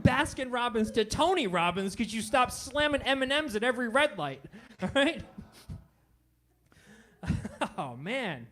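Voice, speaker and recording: A man in his forties doing a self-deprecating stand-up comedy set, landing punchlines and tagging them with quick asides to the crowd. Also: very high voice, sing-song, fairly bright tone. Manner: self-deprecating, punchy, tags jokes with "all right?".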